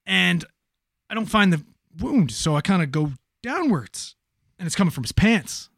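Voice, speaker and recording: A man with a slightly high voice tells a story in casual chat, animated and profane, full of fillers. He sounds close and dry, with no room around him. He works in emergency medical services. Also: moderate pace, gravelly, no room sound.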